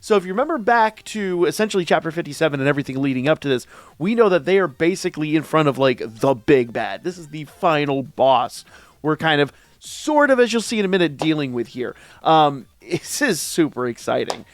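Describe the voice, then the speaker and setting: A man hosting a casual manga reaction review, excitable, slangy and emphatic. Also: fairly high pitch, fairly quick, no echo.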